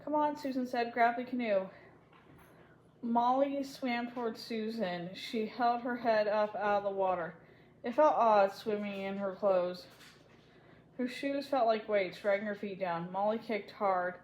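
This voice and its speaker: A woman's voice: medium pitch, measured pace, a little mellow, slight background noise, low-quality recording. Woman reading a children's book aloud. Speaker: storybook reader.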